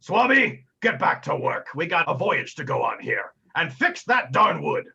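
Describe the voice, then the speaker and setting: A gruff, clumsy pirate captain with a hook for a hand, as a man puts him on. He growls in old-timey pirate slang, in a hushed, husky voice on a dull, lo-fi recording. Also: a little high, sing-song, normal speed, pitched above the performer's own voice, heavily acted.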